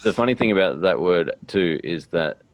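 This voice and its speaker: An Australian man hosting a relaxed English-learning chat, laughing easily and filling pauses with ums. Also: low-pitched, no echo. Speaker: English teacher and channel host. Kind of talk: casual conversational interview.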